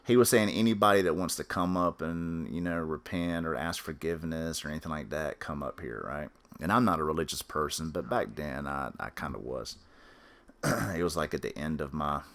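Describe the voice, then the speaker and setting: A man with a very low voice tells a personal story on a podcast. He rambles along in a matter-of-fact way and keeps circling back with fillers and restarts. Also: animated, moderate pace, a bit bright. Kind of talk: casual spoken storytelling.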